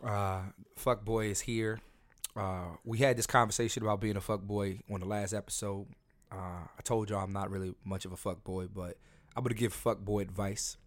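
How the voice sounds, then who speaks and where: A man hosts a casual podcast, brash and profane, rambling and restarting his sentences as he tells stories. His lowish voice keeps a steady tone at normal speed, with no room sound.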